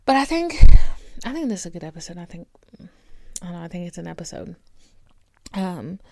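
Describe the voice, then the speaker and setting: A woman hosting her own podcast alone at home, talking candidly and swearing freely, with warm pep-talk asides to her listeners. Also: fairly low pitch, very animated, brisk, vocal fry, dry recording. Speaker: podcast host. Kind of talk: casual solo podcast monologue. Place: indoors at home with her dog. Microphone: camera recording.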